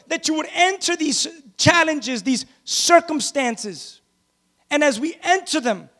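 A man's voice: extremely high pitch, a bit bright. A man preaching a sermon as a pastor, emphatic and repetitive, with casual conversational asides to the congregation.

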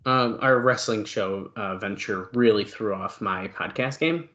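A man's voice: fairly low pitch, a little slow, a bit bright, highs cut off. A man co-hosting a casual wrestling podcast, rambling along with lots of fillers. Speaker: podcast co-host.

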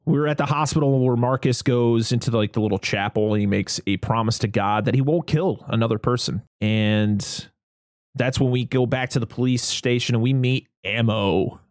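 This man's medium-pitched voice is a little mellow and moves at a moderate pace. As a podcast host in casual chat, he recaps a film, laughing often and performing the characters' lines, with clean studio sound and no echo.

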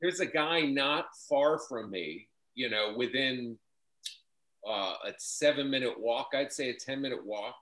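A man chatting casually as a guest, halting and stopping to restart his sentences. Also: mid-range voice, a bit bright. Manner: halting, many restarts and fillers. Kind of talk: casual chat.

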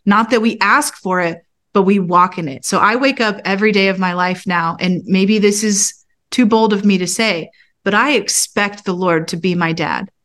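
A woman's voice: medium pitch, normal speed, a bit bright. Woman in her 30s, pastor on a podcast, earnest testimony, acts out her prayers with feeling. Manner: earnest storytelling, acting out her own prayers with rising emotion. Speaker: podcast guest, pastor and author. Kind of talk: personal testimony in a podcast interview.

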